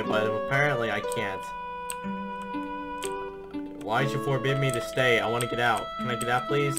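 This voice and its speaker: Excitable male gamer over game music. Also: mid-range voice, moderate pace, pauses often. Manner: excitable, exclamatory reactions. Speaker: gaming video creator. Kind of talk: casual gaming commentary.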